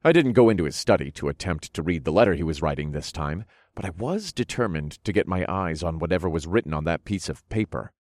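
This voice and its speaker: A man reading first-person fantasy audiobook narration in an expressive, wry storytelling manner. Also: low voice, fast, hardly any pauses, no echo, studio quality.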